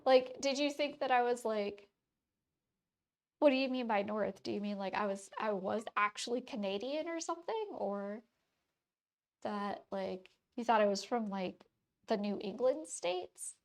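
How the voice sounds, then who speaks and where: A woman's voice: a little high, expressive, measured pace. Chatty woman with a faint Wisconsin accent. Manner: rambling, many fillers and restarts. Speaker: streamer. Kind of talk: casual chat with chat while drawing.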